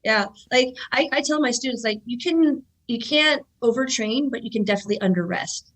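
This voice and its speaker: A woman's voice: a little high, fairly quick, poor audio. Chatty woman in her thirties. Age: 30s. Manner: chatty, animated, heavy use of filler words. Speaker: jiu-jitsu black belt competitor and instructor. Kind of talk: casual podcast conversation.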